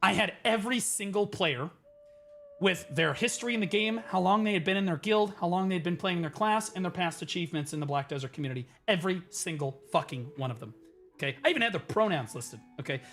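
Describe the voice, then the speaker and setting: Brief: young male streamer, high voice, swearing, animated story rant, faint music underneath. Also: fast. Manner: profane, excitable, bursts into shouts.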